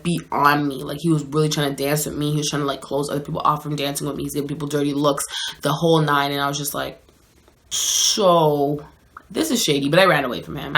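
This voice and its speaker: A woman's voice: low voice, a bit bright. A woman telling a dating story in a casual, slangy, chatty way, with plenty of "like" and "so anyways".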